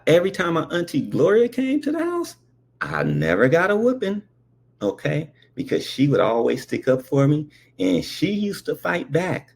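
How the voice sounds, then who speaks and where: A man's voice: a little high, darkish tone, husky. A man telling a comic story about his childhood, stammering at times and acting out the voices of the people in it. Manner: stammering, acts out quoted voices.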